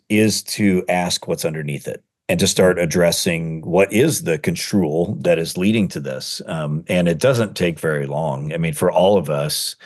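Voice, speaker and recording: A middle-aged man, a seminary professor and guest author, talking through ideas in a relaxed interview, quick and full of fillers and restarts. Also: low voice. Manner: talks in quick bursts with many fillers and restarts. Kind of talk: conversational interview.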